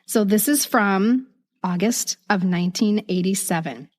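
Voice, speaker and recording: A woman's voice: mid-range voice, unhurried, darkish tone. A woman in her fifties co-hosting a casual podcast, laughing easily and reading old letters aloud with feeling. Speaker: podcast co-host.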